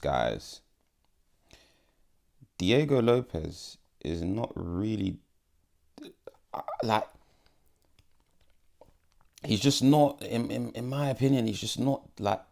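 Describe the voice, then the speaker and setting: Low-pitched man, casual fight vlogger, blunt and profane, restarts often. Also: expressive, slow, creaky, pauses often, dark tone. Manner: blunt, profane, repeats himself. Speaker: MMA YouTuber. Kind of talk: casual fight prediction vlog.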